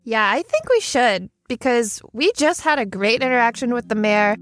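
A woman playing her character in a tabletop game. Her voice is higher and very lively. The sound is dry, with soft music underneath. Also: moderate pace, no room sound. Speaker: player.

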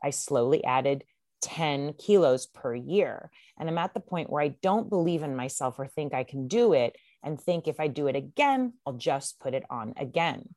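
Low-voiced, giggly woman co-host. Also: expressive, moderate pace, a little mellow, dry recording, clean studio sound. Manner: agreeable, giggly. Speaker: podcast co-host. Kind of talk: casual podcast chat.

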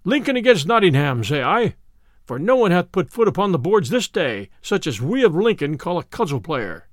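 Man voicing a loud, swaggering champion brawler. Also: high voice, big pitch swings, moderate pace, no room sound, clean studio sound. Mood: boastful. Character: boastful brawny male champion fighter.

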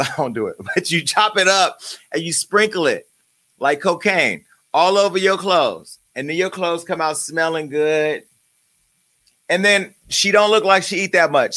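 A man's voice: a little high, lively intonation, moderate pace, pushed and bright. A man hosting his own show, ranting in a profane, joking and angry way. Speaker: show host. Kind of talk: uncensored comedic rant.

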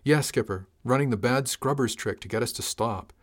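A man's voice: mid-range voice, normal speed, lightly acted. A man voicing a nervous, suspicious young ship's astrogator who talks eagerly. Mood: anxious.

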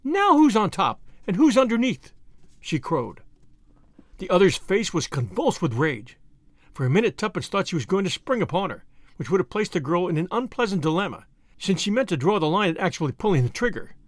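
A man reading a novel aloud with expressive storytelling delivery. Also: sits high, fast talker, no echo. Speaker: audiobook narrator. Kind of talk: scripted novel narration.

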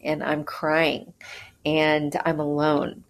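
A woman with a low voice tells a personal story in a candid, earnest way. She pauses often and fills gaps with small hesitations, so it sounds unscripted. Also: level tone, a little hiss or hum. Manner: hesitant, with frequent pauses and fillers. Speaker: mother telling her birth story.

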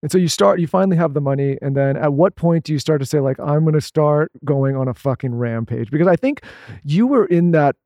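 A man hosting a podcast, asking quick, probing questions in a casual tone. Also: a little high, lively intonation, mellow, no room sound, dull audio. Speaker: podcast host. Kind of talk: interview questions.

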